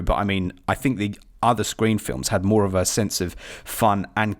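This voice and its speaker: A man's voice: on the low side, normal speed, few pauses. A British man co-hosting a film podcast, chatting casually and animatedly, laughing often. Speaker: podcast co-host. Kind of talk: casual film review chat.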